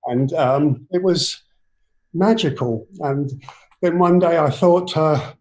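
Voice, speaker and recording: A man in his seventies with an English accent, a guest telling his life story in a rambling, halting way full of restarts. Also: a little high, darkish tone, lo-fi sound. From England. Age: 70s. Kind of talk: personal storytelling in an interview.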